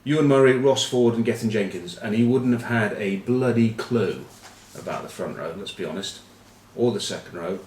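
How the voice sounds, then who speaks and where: A man hosting an informal comedic rugby news vlog, rambling and deadpan, with irreverent asides and many fillers. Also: lowish voice, moderate pace. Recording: roomy, from a distance.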